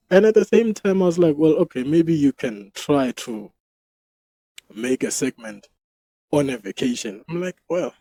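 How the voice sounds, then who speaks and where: Casting note: South African man as a solo show host, husky, swearing freely, dry close sound. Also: medium pitch, warm tone, no echo, low-quality recording. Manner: loose, profane, laughs at himself. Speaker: podcast host. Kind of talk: casual solo commentary.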